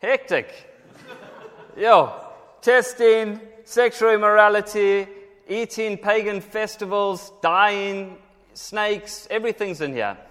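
A man from South Africa with a South African accent, preaching a jokey, lively sermon and having the congregation repeat scripture lines. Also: high-pitched, slow pace. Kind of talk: sermon with call-and-response scripture reading. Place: church hall. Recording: long echo of a large hall.

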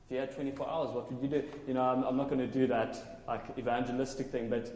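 A man preaching a sermon with loud, passionate, exclaiming delivery. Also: medium pitch, flat delivery, fast, a little hiss or hum. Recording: echoey hall, faint ambience.

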